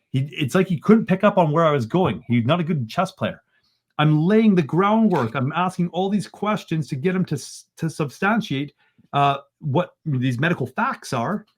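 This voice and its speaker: Man, mid-pitched voice, casual storytelling, animated, exasperated, keeps asking "right?". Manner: animated, exasperated retelling, often tags lines with "right?". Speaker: guest. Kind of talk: casual storytelling in a podcast interview.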